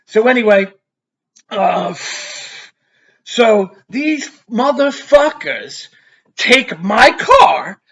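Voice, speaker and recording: A middle-aged man with a very high, creaky voice tells a rambling story for his vlog. He keeps it casual and animated, with plenty of swearing.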